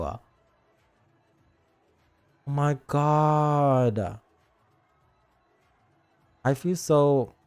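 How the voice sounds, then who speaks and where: A man streaming a game live, reacting excitedly with gasps and sighs and reading dialogue aloud. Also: fairly high pitch, very slow, pauses often, smooth, soft background music. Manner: excitable, gasping, swings between squeals and sighs. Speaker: VTuber streamer.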